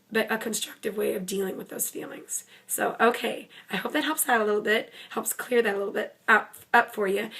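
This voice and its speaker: A middle-aged woman giving parenting advice to the camera in a gentle, conversational, reassuring way. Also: a little high. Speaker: parenting coach. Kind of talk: talking to camera, advice video.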